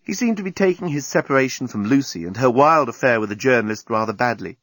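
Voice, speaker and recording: A man's voice: medium pitch, lively intonation, fast talker, fairly bright tone, dry recording. A man narrating a comic science fiction audiobook with a wry manner.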